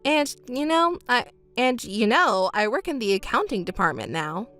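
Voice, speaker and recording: A woman reading as a betrayed wife in a texting story, scornful, sharp and mocking. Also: a little high, big pitch swings, moderate pace, soft background music. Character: betrayed wife, adult woman, cold and cutting.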